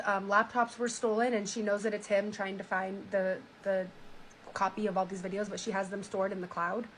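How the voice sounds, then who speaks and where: A woman streamer reacting live, reading a story aloud with stunned, animated asides. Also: mid-range voice, slight background noise, low-quality recording.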